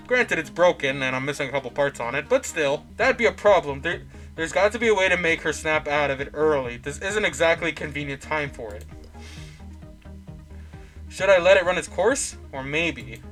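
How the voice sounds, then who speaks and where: A man's voice: on the high side, fairly bright tone. A young man reading a visual novel aloud as a let's play host, often stumbling, correcting himself and adding joking asides.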